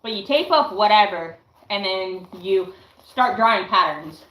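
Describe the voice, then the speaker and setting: A young woman in her late teens chatting casually on a livestream, showing her craft work in a slow, hesitant way with lots of "um"s. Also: medium pitch, fairly bright tone, reverberant, poor audio. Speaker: livestreamer and fursuit maker.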